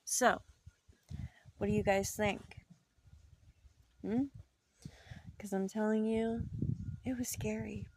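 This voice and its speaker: Slow-talking woman telling a spooky story. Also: mid-range voice, steady tone, a little mellow. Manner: chatty, slow, dips into whispers for suspense. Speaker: paranormal storyteller. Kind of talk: casual first-person storytelling.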